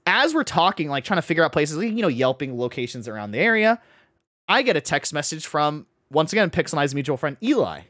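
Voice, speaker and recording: A man telling a long story in casual chat, animated, acting out his friends' voices and filling his talk with "like" and "right?". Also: on the high side, dry recording, clean studio sound. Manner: fast, full of "like" and "right?".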